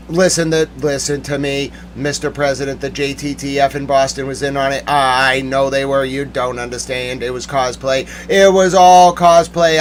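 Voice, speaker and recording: A man streaming a sarcastic, mock-angry rant that jumps between muttering and sudden yelling. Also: mid-range voice, a little hiss or hum. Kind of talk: ranting commentary.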